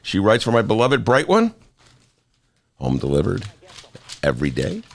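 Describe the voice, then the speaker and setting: A man's voice: on the low side, wildly swooping pitch, normal speed, vocal fry, a little hiss or hum. A man hosting a talk show in a studio, joking and self-mocking in a playful monologue. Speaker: host.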